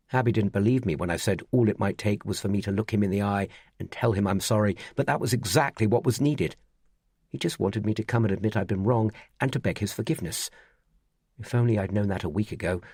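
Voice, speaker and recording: A man reading a first-person thriller audiobook in an even, measured way. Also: lowish voice, husky, dry recording, studio quality. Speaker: audiobook narrator.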